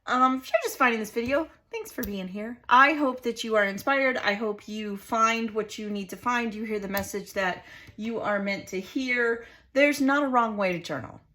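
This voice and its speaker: A woman's voice: a little high, moderate pace, bright, forceful tone. Chatty middle-aged woman crafting at home. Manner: chatty, rambling, heartfelt. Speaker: craft channel host. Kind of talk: casual chat while crafting.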